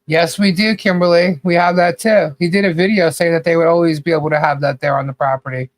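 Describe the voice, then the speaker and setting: A man's voice: on the high side, steady tone, fast, no room sound. Podcast guy ranting, blunt, rambly, lots of "you know", dry close sound. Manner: blunt, swears casually. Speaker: podcast co-host. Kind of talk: critical commentary chat.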